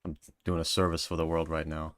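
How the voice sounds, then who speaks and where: A man's voice: very deep voice, monotone, a little fast, clean tone, no room sound. A man streaming and reading viewer comments in a joking, self-mocking casual chat.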